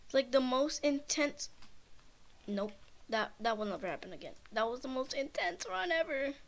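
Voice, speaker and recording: A woman's voice: high voice, animated, moderate pace, vocal fry. A shaken, nervous woman gives rambling, frightened commentary on her own gameplay and keeps repeating herself. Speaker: gamer, channel host.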